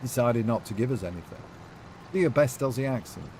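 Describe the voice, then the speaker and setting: A man's voice: mid-range voice, animated, a little fast, darkish tone, a little hiss or hum. Chatty man streaming a game. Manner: chatty, reads out and answers chat. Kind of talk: casual live-stream chat.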